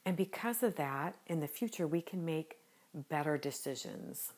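A woman hosting a devotional podcast, talking gently and earnestly in an unhurried way with a smile in her voice. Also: low voice, lively intonation. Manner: gentle, unhurried and earnest, smiling as she speaks. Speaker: podcast host.

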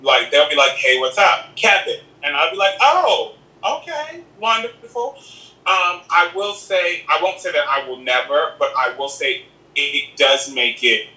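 A high, very bright male voice, sassy and lively, chatting casually as an interview guest. He sounds some way from the mic in a roomy, echoey space. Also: normal speed. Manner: sassy, animated, calls the listener "girl". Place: home in Los Angeles. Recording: echoey room, distant from the mic.

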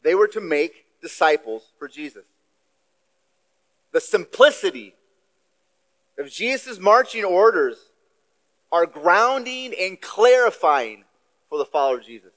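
A man with a fairly high voice delivers a sermon in a church. He preaches in an easy, conversational way and drops in offhand asides, as a guest speaker would. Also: big pitch swings, unhurried, pauses often, a bit bright, low-quality recording. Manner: conversational, self-deprecating asides.

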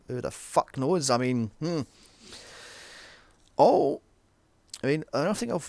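Gravelly, sarcastic man. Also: medium pitch, no echo. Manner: sarcastic and sweary, with mocking asides. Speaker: film recap reviewer. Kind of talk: sarcastic comedic movie recap.

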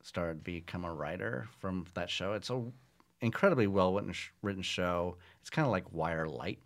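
A middle-aged man, a comedy writer, chatting in an interview in a relaxed way, laughing easily. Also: low voice, normal speed. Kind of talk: casual interview chat.

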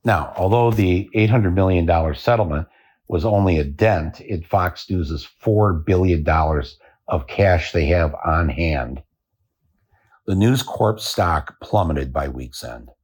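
A man hosting a podcast, delivering a satirical comic monologue in a dry, deadpan way. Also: deep voice, slow, slightly rough. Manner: dry, deadpan telling with chuckles. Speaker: podcast host.

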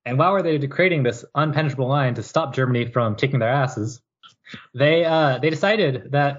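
A man's voice: medium pitch, normal speed, muffled recording. A man co-hosting a podcast, casually recapping history with jokes and mock quotes. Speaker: podcast co-host. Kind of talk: casual chat.

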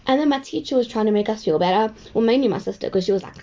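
A woman's voice: fairly high pitch, animated, rapid-fire, hardly any pauses, warm tone, dull audio. A woman telling a rambling, chatty story full of "like". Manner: rambling, chatty, heavy use of "like". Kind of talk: casual storytelling.

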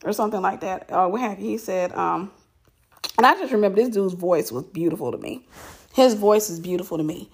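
A woman, her voice a little husky, recounts a personal story in a loose, chatty way. She talks with animation and circles back on her words for emphasis, at a middling pitch. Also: fairly quick. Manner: animated, repeats herself for emphasis, laughs.

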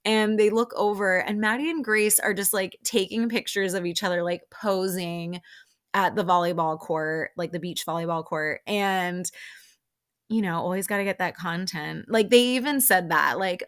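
A woman's voice: fairly low pitch, steady tone, measured pace, fairly bright tone, smooth. A young woman hosting a podcast, recapping reality TV in a chatty, casual way and leaning on "like" often. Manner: chatty, lots of "like", laughs often. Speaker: podcast host.

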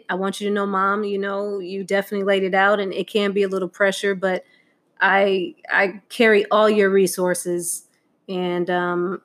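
A middle-aged woman telling a heartfelt personal story about her mother, candid and laughing often. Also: medium pitch. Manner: candid, laughing often, acting out quoted voices. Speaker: guest sharing a Mother's Day tribute.

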